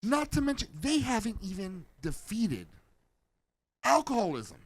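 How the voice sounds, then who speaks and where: With a husky voice that sits high, this man speaks unhurriedly in a recording with no echo. As co-host of a podcast reacting to videos, he jokes, mocks animatedly, and erupts into shouts at times.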